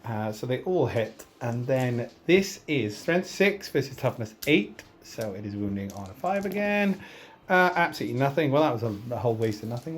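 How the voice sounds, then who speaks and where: A man's voice: medium pitch, a little hiss or hum. Chatty man calling dice rolls. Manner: chatty, self-mocking, excitable over dice rolls. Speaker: tabletop wargame player narrating his turn. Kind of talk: casual battle report commentary.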